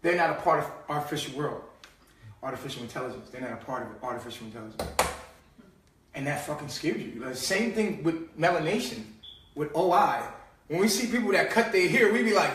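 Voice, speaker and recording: A man with a high voice talks in a loose, streetwise live-stream rant, full of swearing and mockery. He drops to low mutters, then bursts out loud. He sounds far from the mic, in a room with a lot of echo. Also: expressive, a little fast. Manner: streetwise, profane, mocking, swings between low mutters and loud outbursts. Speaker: host. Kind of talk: casual live-stream monologue.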